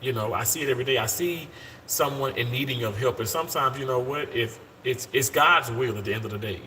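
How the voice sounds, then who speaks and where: Brisk, bright and forceful, this mid-range male voice belongs to a live-streaming surgical worker in his thirties at a hospital. He chats casually and upbeat, addressing viewers as y'all and frequently starting sentences over. A little hiss or hum is audible.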